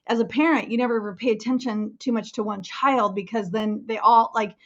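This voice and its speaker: Woman, interview host, slightly high voice, rambling and upbeat, muffled recording. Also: steady tone, brisk. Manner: enthusiastic, laughs often, rambling restarts. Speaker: podcast host. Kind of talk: casual interview chat.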